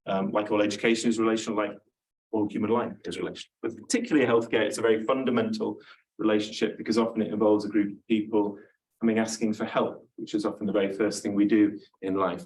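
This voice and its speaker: A man with a lowish voice gives a lecture in a relaxed, informal way. He fills his sentences with ums and false starts. He sounds slightly distant from the microphone. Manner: informal, self-deprecating, with many fillers and restarts. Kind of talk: academic talk to an audience.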